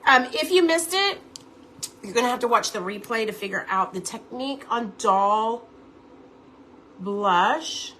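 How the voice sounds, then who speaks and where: A woman's voice: a little high, animated, measured pace, long pauses, bright, forceful tone, slight background noise. Chatty woman teaching her makeup routine. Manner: chatty, instructive, addresses viewers directly. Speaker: makeup seller and beauty teacher. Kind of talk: live makeup tutorial.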